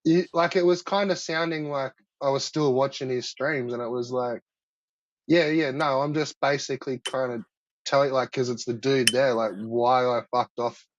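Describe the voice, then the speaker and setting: A man chats casually over voice call, telling a long rambling story laced with swearing. His voice sits at a middling pitch. The audio comes through muffled and lo-fi. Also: fairly even intonation, moderate pace, slight background noise. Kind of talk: casual voice-chat conversation.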